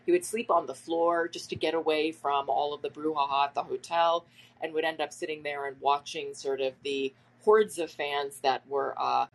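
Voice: mid-range voice, steady tone, normal speed, low-quality recording. A podcast host giving loose, chatty spoken commentary in a conversational manner.

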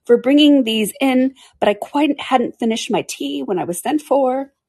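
A woman's voice: high-pitched, expressive, normal speed, warm tone, husky, dry recording, clean studio sound, voice pushed up, heavily acted. A woman voicing a nervous male hatter in a storybook reading, pleading and trembling.

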